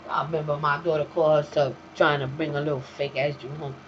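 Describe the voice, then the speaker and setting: A woman's voice: low voice, little pitch movement, fast talker. A woman host talks in a loose, unscripted monologue, blunt and heavy with profanity. Her streetwise storytelling comes through a dull, slightly lo-fi recording with a faint hiss behind it. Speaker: talk show host. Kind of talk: casual monologue.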